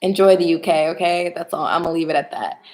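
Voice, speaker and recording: Chatty, excitable young woman in an echoey room. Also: lowish voice, brisk. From United States. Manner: chatty, excitable, swears casually. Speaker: tarot reader. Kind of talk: casual livestream chat and tarot reading.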